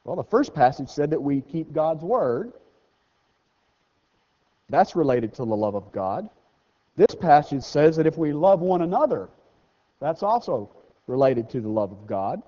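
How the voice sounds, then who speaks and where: Male pastor with a lively, fairly high voice, preaching in a conversational way. Long church reverb, slightly muffled recording. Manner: conversational preaching, slows down and rises for scripture readings; self-deprecating asides. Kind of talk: sermon. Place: church sanctuary. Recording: dull sound with long hall reverb.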